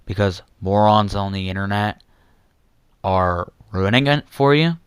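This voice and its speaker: Speaking slowly in a smooth, lowish voice, a young YouTuber rants angrily and repetitively at his viewers, insulting some people while apologizing to others. The audio is dry.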